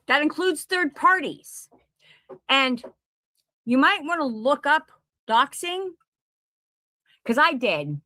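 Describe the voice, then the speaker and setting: High-voiced woman ranting angrily. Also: big pitch swings, slow, pauses often, sharp tone, no echo. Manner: profane, confrontational, repeats herself. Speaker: content creator. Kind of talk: angry direct-to-camera rant. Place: at home in Pennsylvania.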